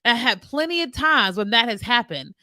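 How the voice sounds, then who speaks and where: Brief: woman host, bright tense voice, animated storyteller doing both sides of dialogue, dry close mic. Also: a little high, normal speed, dry recording. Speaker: host answering viewer comments. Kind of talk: casual faith talk, live stream.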